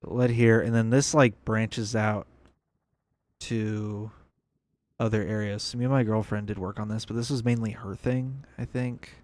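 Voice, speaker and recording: A man's voice: lowish voice, flat delivery, a little slow, darkish tone. A young man giving casual, rambling commentary on a video game as he plays, thinking aloud. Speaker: gameplay video creator.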